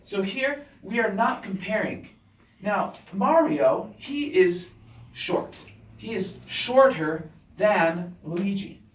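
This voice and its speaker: A male teacher giving a classroom grammar lesson, talking slowly and deliberately and checking in with students after nearly every point. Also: high voice, expressive. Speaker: English teacher. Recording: roomy classroom sound from a distant mic.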